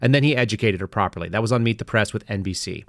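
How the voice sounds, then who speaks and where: A man's voice: lowish voice, very fast, a bit bright, no echo, studio quality. A man hosting a podcast, delivering sarcastic, rambling political commentary with frequent restarts. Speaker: podcast host.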